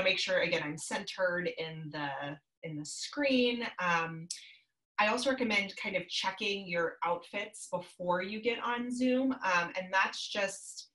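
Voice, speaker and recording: A woman's voice: lowish voice, a bit bright, roomy sound, low-quality recording. A woman in her thirties, a business coach, giving upbeat, chatty advice over a video call from her home office.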